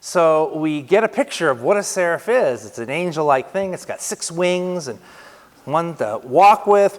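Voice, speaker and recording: A man preaching a sermon as pastor in a conversational way, with lively shifts of emphasis. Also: on the high side. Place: church sanctuary. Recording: reverberant church hall.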